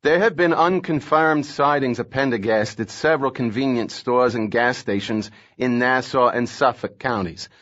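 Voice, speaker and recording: Man doing abrasive angry federal agent, curt, mid-pitched, slightly muffled audio. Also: fairly bright tone, lightly acted. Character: angry stocky male federal agent in charge.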